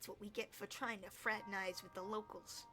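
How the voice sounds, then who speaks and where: A woman's voice: medium pitch, level tone, brisk, bright, forceful tone, faint music behind, lightly acted. A woman voicing a grumpy male sea creature with a Boston accent, whiny and indignant.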